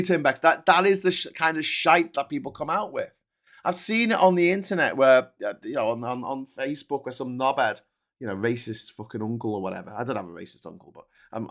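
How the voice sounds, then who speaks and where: A man's voice: mid-range voice, fairly bright tone. A man hosting a casual livestream, reading viewer comments and ranting with lots of swearing and restarts.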